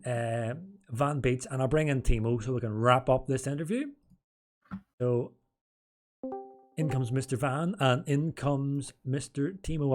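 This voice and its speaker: A man's voice: mid-range voice, darkish tone. A man hosting a live online stream, talking in a loose, rambling way. He corrects himself mid-sentence, drifts off topic and jokes with his guests. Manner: rambling, self-correcting, jokey. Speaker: stream host and interviewer. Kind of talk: casual live-stream interview.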